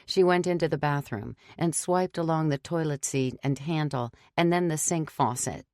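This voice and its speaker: A woman narrating a horror audiobook in a steady, measured reading. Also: sits low, no echo, clean studio sound.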